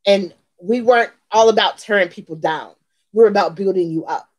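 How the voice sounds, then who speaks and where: A woman's voice: medium pitch, moderate pace, poor audio. Fired-up woman in her forties. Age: 40s. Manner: heated, emphatic, repeats lines for effect. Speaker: beauty channel host. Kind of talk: venting storytime vlog.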